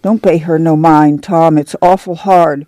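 A woman voicing a weary, steady migrant mother who talks in a soft rural dialect. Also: low voice, measured pace, no room sound, clean studio sound. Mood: soothing, weary. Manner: soothing, firm, rural dialect. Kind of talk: dramatic book reading.

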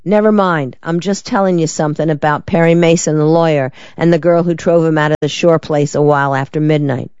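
An audiobook reader voicing a terse, hurried male anonymous tipster. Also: mid-range voice, steady tone, darkish tone, smooth, no room sound, lo-fi sound, close to an everyday voice. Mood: curt. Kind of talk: audiobook character reading.

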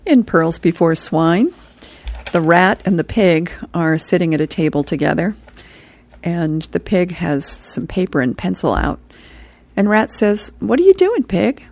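Low, gravelly-voiced woman host. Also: measured pace, no room sound. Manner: relaxed, chuckles at the jokes. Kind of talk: reading comics and history aloud.

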